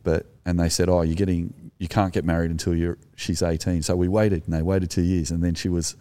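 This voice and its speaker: An Australian Anglican minister co-hosting a show tells a story in an earnest, reflective, conversational way. His voice sits low and mellow, with a flat, brisk delivery.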